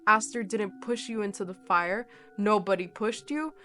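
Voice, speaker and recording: A woman's voice: mid-range voice, moderate pace, sharp tone, natural voice. A woman voicing a firm young group leader who speaks with command and scolds a friend. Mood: firm, scolding.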